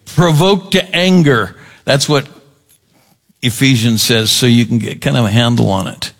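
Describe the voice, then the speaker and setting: A man preaching a sermon as pastor, deliberate and emphatic, often repeating key words. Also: mid-range voice.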